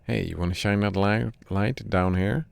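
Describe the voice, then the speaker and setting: A man voicing an excitable young male fox from a video game, read plainly and evenly. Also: on the low side, normal speed, gravelly, smooth. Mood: bossy.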